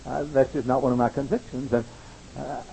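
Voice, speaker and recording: A man's voice: medium pitch, steady tone, brisk, vocal fry, warm tone, slight background noise, rough recording. A man preaching a sermon to college students, pressing his points through emphatic repetition and slipping into rambling, self-mocking stories. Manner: wry, rambling anecdotes with self-mocking asides.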